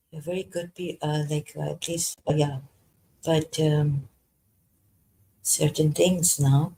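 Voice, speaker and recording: A frightened vlogger, telling a personal story in a hesitant, halting way full of pauses and false starts. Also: medium pitch, vocal fry, darkish tone, low-quality recording. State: frightened, unsettled. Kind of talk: personal confessional monologue.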